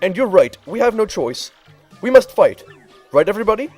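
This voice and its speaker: A man's voice: sits high, sing-song, moderate pace, darkish tone, soft background music, pitched above the performer's own voice, rough recording. A man voicing a stubborn, proud young creature in a game playthrough, sneering and dismissive. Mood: defiant.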